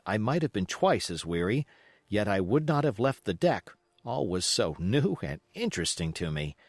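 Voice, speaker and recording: A man reading a classic adventure novel aloud as an expressive audiobook narration. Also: lowish voice, moderate pace, dry recording.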